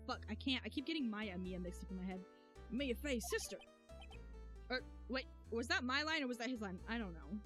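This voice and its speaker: A woman's voice: a little high, animated, fairly quick, a bit bright, soft background music. A woman streamer chatting casually and giggling while reading a game aloud.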